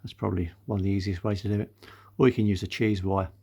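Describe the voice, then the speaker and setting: A man's voice: low-pitched, level tone, quick pace, vocal fry, dark tone. Chatty older man, workshop vlog. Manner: chatty, many uh fillers, addresses viewers as guys. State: out of breath. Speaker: car restoration vlogger.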